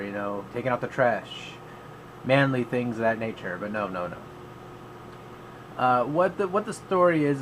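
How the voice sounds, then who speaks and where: A man's voice: medium pitch, noisy background. A man giving a casual vlog movie review in a rambling, offhand way, with many fillers and restarts.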